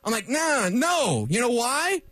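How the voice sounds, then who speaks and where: A man hosting a sports talk radio show, ranting in an animated, opinionated way into a studio microphone. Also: very high-pitched, unhurried, no echo.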